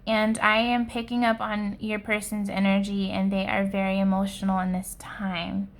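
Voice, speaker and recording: A woman hosts a pick-a-card tarot reading. She speaks slowly and softly, with an earnest, measured delivery. Her voice sits at an ordinary middle pitch. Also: little pitch movement. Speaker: tarot reader.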